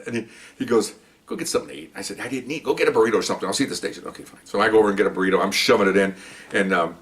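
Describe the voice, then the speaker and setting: A man who was once a police officer, telling a long story in a rambling, animated way and often checking in with "okay?". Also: on the low side, racing. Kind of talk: casual spoken storytelling.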